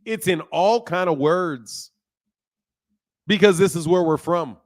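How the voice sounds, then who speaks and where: A man's voice: sits high, slow. A man hosting a livestream and answering chat in a heated, lecturing way, full of loose slang, with many repeated words. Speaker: livestream host.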